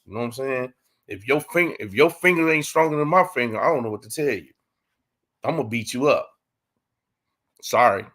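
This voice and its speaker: A man's voice: medium pitch, expressive, a little fast, pauses often, a bit bright. A man with a Texas accent hosting a casual livestream Q and A, talking loose street slang with lots of "you know what I'm saying". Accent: Texan. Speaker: livestream host.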